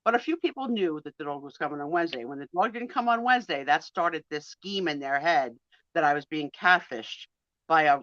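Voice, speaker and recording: A woman telling stories in a casual live-stream chat, animated and quick to laugh, acting out what people said. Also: low voice. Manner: animated storyteller, quick laughs, acts out quotes. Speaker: guest co-host of a live sale chat. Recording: dull, dry lo-fi stream audio.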